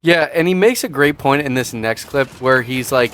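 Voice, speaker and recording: A man's voice: mid-range voice, expressive, moderate pace, fairly bright tone, a little hiss or hum. A man giving casual reaction commentary as a vlogger, sarcastic and rambling with restarts.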